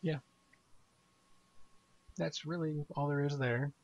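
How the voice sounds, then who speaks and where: A man's voice: a little high, steady tone, slow, darkish tone, muffled recording. A man hosting a casual live gaming podcast, rambling in a laid-back way with small chuckles. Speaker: podcast host.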